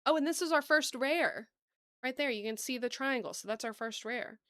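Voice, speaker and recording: A woman with a Southern US accent hosting a casual card-opening video, bubbly and gushing, thinking aloud and laughing softly as she talks to viewers. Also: sits high, normal speed, clean tone. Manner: bubbly, gasping and gushing over cute cards. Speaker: card-opening channel host.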